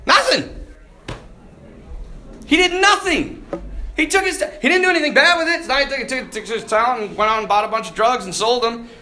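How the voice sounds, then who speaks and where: A priest delivers a loose, joking retreat talk in a high, lively male voice that swings up and down. He laughs often and keeps a bright, cutting edge as he preaches. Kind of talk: informal sermon.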